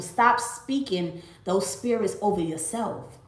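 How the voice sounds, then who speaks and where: A woman's voice: on the high side, expressive, normal speed, a bit bright. A woman in her late twenties from Miami, giving an emphatic, repetitive faith testimony on a casual livestream and calling her viewers y'all. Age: late 20s. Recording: roomy echo.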